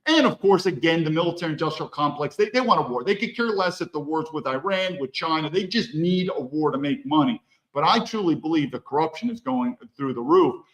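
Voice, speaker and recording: A man's voice: a little high, animated, brisk, fairly bright tone, echoey room, poor audio. A man hosting a solo political monologue, talking emphatically with blunt, profane language and a string of rhetorical questions. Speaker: political commentary host.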